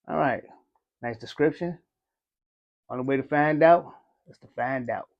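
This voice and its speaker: A man's voice: mid-range voice, unhurried, pauses often, highs cut off. Laid-back man reviewing cigars. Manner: laid-back, conversational, frequent "you know". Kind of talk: casual review talk.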